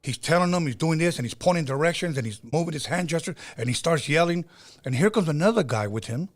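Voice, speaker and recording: A man's voice: fairly high pitch, lively intonation, fast. A middle-aged man hosting a podcast, telling stories in a casual, conversational way with frequent fillers and restarts. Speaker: podcast host.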